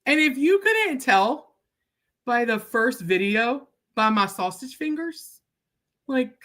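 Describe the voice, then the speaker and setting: Young woman chatting on a live while she cuts crafts, blunt and jokey, pitch bouncing all over, lots of "like" and "right?". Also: animated, takes it slowly, a bit bright. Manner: chatty and blunt, laughs often, says "like" and "right?" a lot. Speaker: live-stream host. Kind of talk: casual chat while crafting on a live stream.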